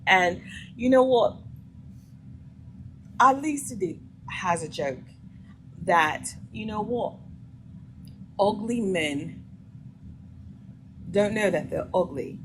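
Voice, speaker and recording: A woman's voice: medium pitch, animated, slow pace, long pauses, fairly bright tone, a little hiss or hum, poor audio. A woman hosting a vlog, reacting to a clip with blunt, emphatic opinions in a casual way. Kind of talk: casual commentary.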